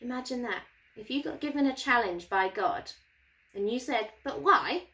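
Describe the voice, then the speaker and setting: A woman's voice: on the high side, normal speed, a bit bright, low-quality recording. A woman presenting a children's Bible lesson for her church, with a playful, encouraging way of talking.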